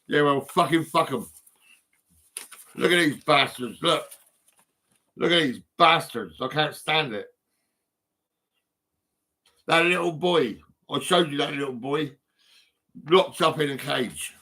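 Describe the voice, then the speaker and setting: An older man holds forth in an angry, profane rant, piling up insults and tag questions. His voice sits a little high and comes out sharp and tense. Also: takes it slowly, long pauses. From United Kingdom. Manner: bitter, swearing, repetitive with tag questions. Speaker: vlogger.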